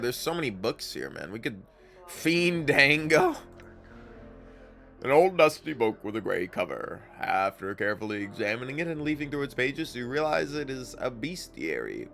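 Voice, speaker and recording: Gravelly young man streaming a game. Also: medium pitch. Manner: casual, profane asides. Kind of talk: live game streaming, reading game text aloud. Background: faint game music.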